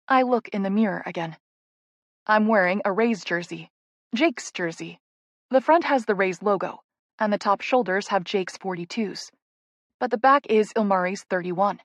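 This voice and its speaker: A woman narrating a first-person romance audiobook in a soft, intimate, emotional way. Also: medium pitch, moderate pace, no echo.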